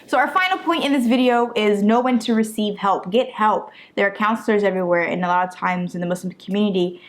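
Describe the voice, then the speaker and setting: A woman's voice: mid-range voice, quick pace. Playful young woman co-host. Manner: playful, animated, teasing. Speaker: co-host, wife. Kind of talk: casual couple chat.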